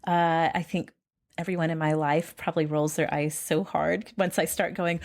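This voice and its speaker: A woman's voice: low voice, flat delivery, moderate pace. A woman in her thirties hosting a podcast interview, chatty and encouraging. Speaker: podcast host.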